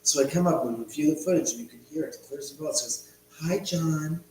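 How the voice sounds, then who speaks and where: A man's voice: fairly high pitch, rapid-fire, darkish tone. Casting: chatty, foul-mouthed man hosting a late-night home livestream, very echoey room with faint hum. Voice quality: rambling, profane, chatty. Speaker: livestream host. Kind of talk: casual livestream chat. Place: his own house, indoors.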